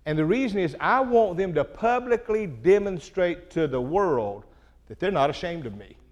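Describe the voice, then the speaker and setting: A middle-aged man preaches in a plain, conversational style, earnest and direct with his listeners. His voice sits slightly high for a man. He often pauses to check in with a quick "okay?". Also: lively intonation, highs cut off. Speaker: pastor. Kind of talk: sermon.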